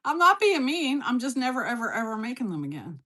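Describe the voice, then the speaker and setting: A woman with a fairly high, bright voice hosts a casual cooking livestream from her home kitchen. She answers her viewers' comments one after another, blunt and playfully teasing, and her pitch swings widely as she talks. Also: sing-song, brisk. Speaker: livestream host.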